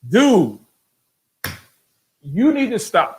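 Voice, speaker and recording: Reading online comments on his show, an older host fires back with exasperated sarcasm and keeps restarting with repeated words. He sounds animated at a medium pitch, though the audio is poor.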